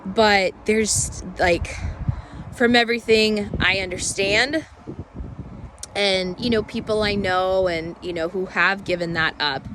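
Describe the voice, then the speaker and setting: Hoarse woman vlogging candidly by traffic. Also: mid-range voice, fairly even intonation. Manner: rambling, halting, candid and reflective. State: hoarse from a cold. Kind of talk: unedited personal vlog.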